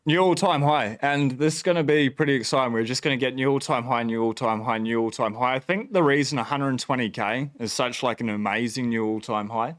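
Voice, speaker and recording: An Australian man talking off the cuff on a livestream, fired up and swearing freely. He rambles, trails off, and circles back with lots of fillers. His voice sits at an ordinary middle pitch for a man. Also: fairly quick, hardly any pauses. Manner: excited, profane, rambling with fillers. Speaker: bitcoin channel host. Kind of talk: casual livestream rant. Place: at home.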